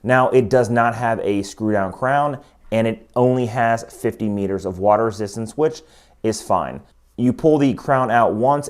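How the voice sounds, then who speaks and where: A man talking casually through a watch review, explaining each step and getting more excited as he goes. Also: medium pitch, smooth. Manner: chatty, enthusiastic, explains step by step.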